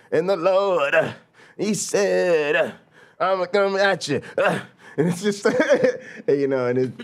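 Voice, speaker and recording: A male host speaking in a lowish voice at an unhurried pace. His talk is loose and casual, broken by laughs and "you know"s as he reacts to a clip. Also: clean tone. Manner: relaxed, laughs a lot, drawn-out fillers.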